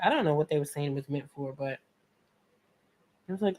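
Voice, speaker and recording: In a casual painting tutorial, a New York-accented woman talks to her audience like friends, chatty and playful. She speaks in a warm, low-pitched voice, a bit fast, with frequent pauses.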